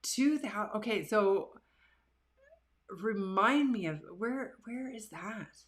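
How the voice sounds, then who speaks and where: A woman, hosting a live show from her living room and telling stories about herself in a casual, animated, self-deprecating way. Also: medium pitch, takes it slowly. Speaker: livestream show host. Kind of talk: casual storytelling to live viewers.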